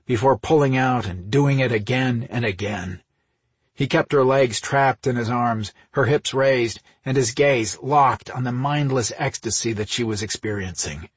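A man narrating an audiobook in a steady, unhurried reading, close on the microphone. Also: medium pitch, husky, dry recording. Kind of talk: scripted narration.

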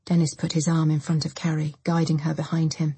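A woman with a low, very breathy and husky voice tells a dark story in a steady, measured way. The sound is close and dry, with no room echo at all. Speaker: audiobook narrator. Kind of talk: scripted narration.

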